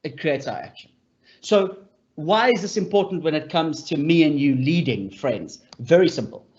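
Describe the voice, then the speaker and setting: Animated man explaining, dull lo-fi sound. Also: a little high, moderate pace. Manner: animated, repeats key points, addresses audience as friends. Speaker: speaker on mental health for leaders. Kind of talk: explanatory talk with storytelling.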